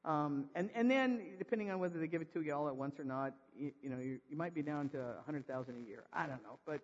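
A high-pitched man preaching in a church sanctuary, jokey and animated, tossing rhetorical questions at his congregation. His voice trails into a long reverb, and the recording sounds dull and lo-fi. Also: fast. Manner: animated, raises his voice for emphasis. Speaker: pastor. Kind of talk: sermon.

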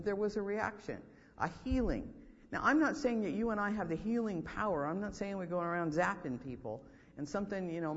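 A man giving a sermon as a school chapel speaker, telling stories in an animated way and acting out what people said. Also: sits high, husky. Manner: animated storytelling with acted-out quotes. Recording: dull lo-fi hall recording.

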